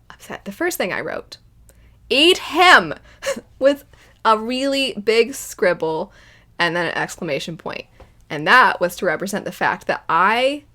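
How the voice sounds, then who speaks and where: A young woman hosting an anime reaction channel, talking casually and animatedly, bursting into loud exasperated outbursts. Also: mid-range voice. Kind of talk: casual spoken commentary.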